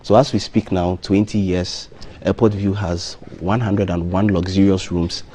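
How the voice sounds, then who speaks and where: Deep-voiced man, measured talk. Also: level tone, dark tone, a little hiss or hum. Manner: measured, plain promotional talk with frequent ums and restarts. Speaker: hotel marketing manager, studio guest. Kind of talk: live TV breakfast show interview. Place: TV studio.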